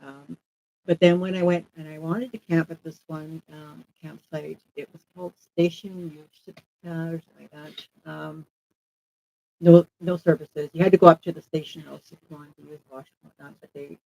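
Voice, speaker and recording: A man's voice: fairly high pitch, fairly quick, creaky, a little hiss or hum, poor audio. A man from Alberta, Canada, telling rambling travel anecdotes in a casual live chat, acting out the people he quotes. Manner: rambling anecdotal storyteller, lively quoted voices. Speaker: guest traveler.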